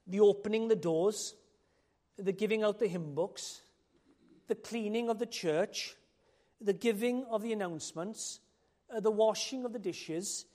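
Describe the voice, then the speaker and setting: A man preaching a sermon, swinging from loud exhortation to hushed warning. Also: sits high, a little slow.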